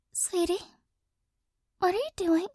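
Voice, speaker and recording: A woman in a whispered role-play, talking softly and doting on a pet-like companion, often flustered, stammering and sighing, close to the microphone. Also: very high-pitched, no echo. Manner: soft, flustered, doting, with frequent stammers and sighs. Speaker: ASMR creator.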